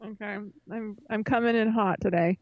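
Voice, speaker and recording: A woman's voice: mid-range voice, fairly even intonation, normal speed, no room sound, lo-fi sound. A woman co-hosting a casual podcast, chatty and opinionated, laughing often. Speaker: podcast co-host. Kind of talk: casual chat.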